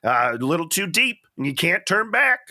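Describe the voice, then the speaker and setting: Man, podcast co-host, casual chat, playful, animated, high-ish voice. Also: moderate pace.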